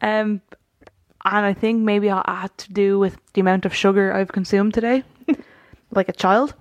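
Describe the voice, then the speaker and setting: A woman's voice: medium pitch, fairly even intonation, measured pace, dry recording, muffled recording. A woman co-hosting a podcast, chatting casually about a wrestling show, laughing often and rambling through restarts. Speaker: podcast co-host.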